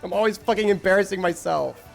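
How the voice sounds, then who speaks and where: A man's voice: high-pitched, fast talker, gravelly, soft background music. A man streaming a game, rambling and joking with chat in crude casual talk, often stammering.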